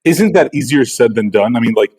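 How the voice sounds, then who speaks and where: Man, podcast host, chatty, probing questions, medium pitch. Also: lively intonation, a little fast, a little mellow, breathy edge, low-quality recording. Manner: conversational, questioning, filler-heavy. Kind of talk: podcast interview.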